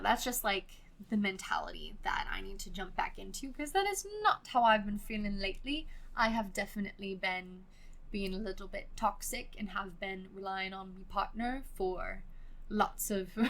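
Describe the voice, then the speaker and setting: Valley girl woman with vocal fry. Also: mid-range voice, fairly bright tone. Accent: Californian Valley girl. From California. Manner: chatty, heavy use of "like", casual swearing. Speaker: podcast host. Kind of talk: casual solo podcast chat.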